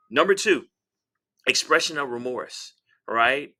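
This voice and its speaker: A man giving relationship advice straight to his viewers, emphatic and coaching, often checking in with a quick "all right?". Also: medium pitch, lively intonation, vocal fry, pushed and bright. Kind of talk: direct-to-camera advice talk.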